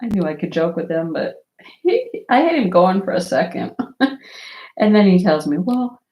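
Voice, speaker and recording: A woman vlogger telling stories in a casual chat, animated and often laughing. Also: lowish voice, normal speed, muffled recording.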